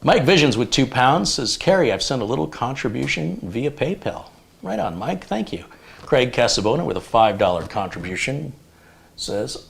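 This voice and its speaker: A man's voice: mid-range voice, sing-song, normal speed, vocal fry. A man from the United States hosting a live tech stream, chatting casually and telling long rambling stories. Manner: rambling anecdotal storyteller.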